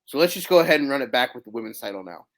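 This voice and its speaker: A man's voice: mid-range voice, very animated, very fast, fairly bright tone, rough recording. Easygoing man co-hosting a podcast. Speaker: podcast co-host. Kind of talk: casual wrestling podcast chat.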